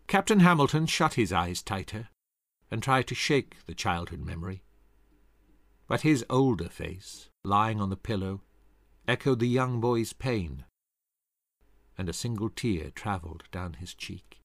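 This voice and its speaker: A man reading a scripted history narration in a dramatic, expressive way into a close studio mic. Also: fairly low pitch, no room sound.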